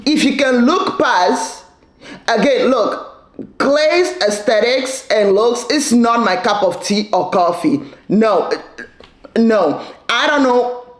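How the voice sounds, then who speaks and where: A woman's voice: fairly high pitch, animated, slow pace. A woman giving casual, sassy commentary recapping a reality show, with playful asides and frequent laughter. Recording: echoey room.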